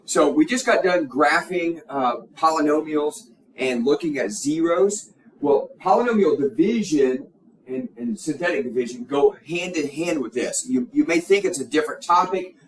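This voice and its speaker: A man's voice: a little high, lively intonation, normal speed. A middle-aged man teaching an algebra lesson, emphatic and repetitive, with many fillers and restarts. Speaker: math teacher. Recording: echoey room, distant mic, faint hum.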